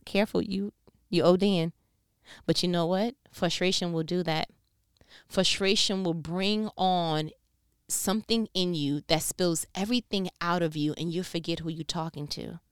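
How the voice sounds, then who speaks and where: Smooth-voiced New woman teaching scripture. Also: fairly low pitch, no echo, studio quality. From New York. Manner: conversational and playfully scolding, addressing listeners directly. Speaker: Bible teacher. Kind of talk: casual scripture commentary.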